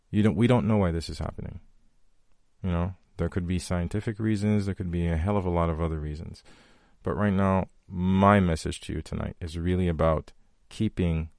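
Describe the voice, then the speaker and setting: A man's voice: low-pitched, vocal fry, no echo, clean studio sound. A man hosting a podcast, giving heartfelt motivational talk to his listeners, repeating his key phrases for emphasis. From from a country with long power outages. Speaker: podcast host.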